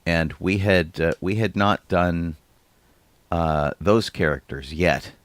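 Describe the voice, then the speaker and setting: Man, podcast co-host, very low voice, dry close sound, loose rambling chat. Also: slow, no echo. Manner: rambling, trails off mid-sentence. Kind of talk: casual chat.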